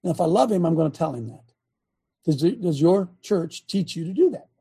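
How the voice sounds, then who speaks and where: An older man from Ohio preaching a folksy, blunt sermon, swinging between loud emphatic bursts and quiet asides. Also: a little high, animated, moderate pace, creaky, breathy edge.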